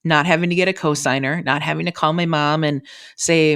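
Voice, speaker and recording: A woman's voice: deep voice, steady tone, brisk, fairly bright tone, clean tone. A woman in her thirties from Minnesota, a podcast host and real estate agent, talking in a chatty, earnest, encouraging way with lots of "like"s and restarts on a close mic. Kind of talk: casual solo podcast talk.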